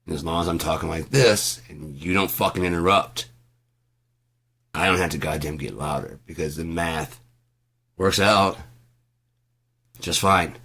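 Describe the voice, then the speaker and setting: A man with a low, deep voice and a bright, forceful edge rants through a rambling vlog monologue. He swears freely and keeps restarting his sentences as he rehearses an argument out loud. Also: a little slow, gravelly, long pauses, breathy edge. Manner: profane, ranting, rehearsing an argument aloud. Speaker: vlogger.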